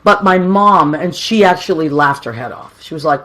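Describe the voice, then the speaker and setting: A woman tells a family story. She talks in a chatty, animated, self-mocking way and keeps adding asides. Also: deep voice, normal speed, a little hiss or hum. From Boston, USA. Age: 50s. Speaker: granddaughter telling a tribute story. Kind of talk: casual storytelling.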